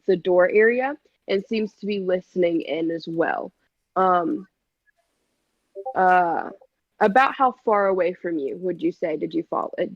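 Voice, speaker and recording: A woman's voice: on the low side, no echo, lo-fi sound. A woman acting as game master, narrating a tabletop game with many hesitant fillers.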